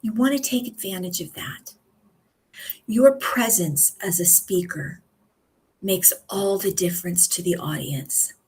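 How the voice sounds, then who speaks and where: A husky-voiced woman teaches public speaking in a live video session. She talks slowly and calmly, leaving deliberate pauses between her points. Her tone is steady and instructive, like a coach walking a class through each tip. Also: fairly low pitch. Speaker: communication coach. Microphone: live video stream.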